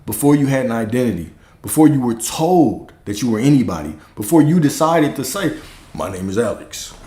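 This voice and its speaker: A man's voice: medium pitch, lively intonation, a little fast, mellow, roomy sound. A man giving a casual spiritual teaching talk, often checking in with "right?" and "okay?", and swearing now and then.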